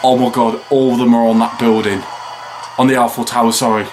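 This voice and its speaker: A tired man hosting a video reaction, rambling and chatting with frequent excited remarks and laughs. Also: medium pitch, fairly quick, over music. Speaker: reaction channel host. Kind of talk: casual video reaction commentary.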